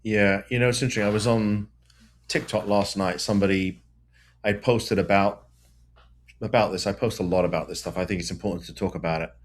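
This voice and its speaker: A man with a fairly low voice hosts a podcast interview. He is conversational and curious, and he presses his guest with follow-up questions. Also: steady tone, a little fast, slight background noise. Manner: inquisitive, conversational, asks probing questions. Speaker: podcast host, lawyer.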